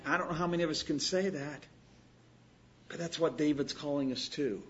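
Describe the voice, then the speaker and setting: A man preaching a sermon as a pastor, pleading with his listeners and swinging between loud exhortation and quiet storytelling. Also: fairly high pitch, normal speed, slightly rough, muffled recording.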